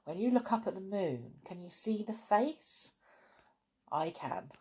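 A woman hosting a children's story podcast, reading storybooks aloud in an expressive, chatty way with soft asides. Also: medium pitch, unhurried, husky.

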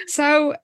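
A woman's voice: a bit bright, dry recording. A woman co-hosting a podcast, casually recapping episode events with dry, wry asides. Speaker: podcast co-host.

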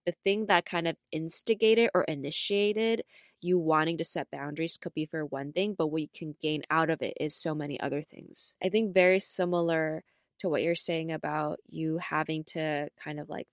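A young adult woman co-hosting a podcast in casual chat, full of fillers like "like" and "right?", telling stories with lively acted-out quotes. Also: moderate pace, no room sound, clean studio sound. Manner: animated storyteller, acts out quotes with big pitch jumps. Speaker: podcast co-host.

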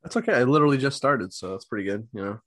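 A man's voice: medium pitch, expressive, racing, fairly bright tone, no echo, clean studio sound. A man hosting a podcast, chatting casually and swearing now and then. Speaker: podcast host.

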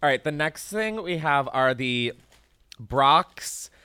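Lively bright-voiced man hosting a podcast. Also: fairly high pitch, slow pace, clear, resonant tone. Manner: animated and chatty, swears freely, laughs often. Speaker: podcast host. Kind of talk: casual chat, candy taste test.

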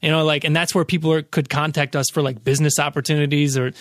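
A man's voice: fairly high pitch, level tone, fast, dry recording, studio quality. A man in his thirties, a podcast guest, telling loose, profane stories in casual chat with lots of fillers.

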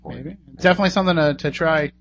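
On the high side and a bit bright, this man talks fast with some vocal fry while closing out his radio talk show. He rambles in a chatty way, thanking guests and plugging contacts, over a muffled recording with faint hum.

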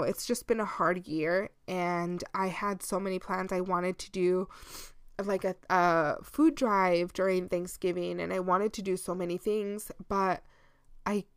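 A young woman talks through her solo podcast in a loose, candid way, sliding between tender and playful and sprinkling in Spanish words. Her voice is smooth and clear, at a middle pitch for a woman. The sound is dry and close. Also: a bit bright, no room sound. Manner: emotional, candid and chatty, drops Spanish words. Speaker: podcast host. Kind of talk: casual solo podcast chat.

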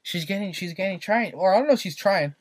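A man's voice: sits high, fast, no room sound. Rambling young man, dry close mic. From Santa Maria, California. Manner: rambling storyteller, many fillers and repeats. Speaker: podcast co-host. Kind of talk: casual chat.

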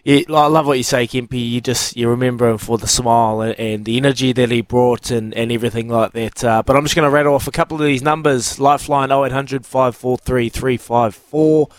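A man's voice: mid-range voice, brisk, hardly any pauses, no echo. Sincere New man hosting, dry sound. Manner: steady, sincere, reads out information plainly. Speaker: podcast host. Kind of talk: casual podcast conversation.

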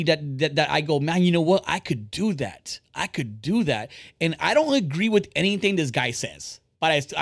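A podcast host talking in a quick, rambling flow, blunt and freely profane. His voice sits a bit high for a man. The sound is dry and close, with no room echo. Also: a bit bright. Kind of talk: casual podcast chat.

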